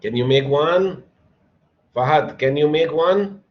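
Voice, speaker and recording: A man's voice: a little high, takes it slowly, dull audio. A man teaching an English lesson, patiently calling on students by name and encouraging them. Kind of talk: online classroom lesson.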